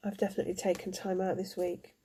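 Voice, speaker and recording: A woman giving a spiritual card reading, emotional and halting, with many fillers. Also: on the low side, completely flat delivery, noisy background. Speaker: tarot card reader.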